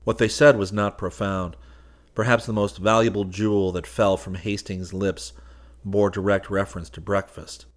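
A man narrating a classic story as an audiobook, with a measured, expressive reading. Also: lowish voice.

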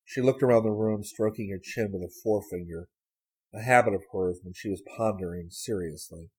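A man reading a story aloud as an audiobook narrator, in a measured, even storytelling manner. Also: fairly low pitch, breathy edge. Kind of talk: scripted narration.

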